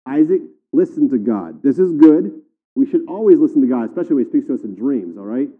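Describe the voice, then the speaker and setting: A man's voice: medium pitch, lively intonation, quick pace. A man preaching a sermon in a folksy, conversational way, often checking in with "all right?". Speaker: pastor. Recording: tinny phone-like sound with long hall reverb.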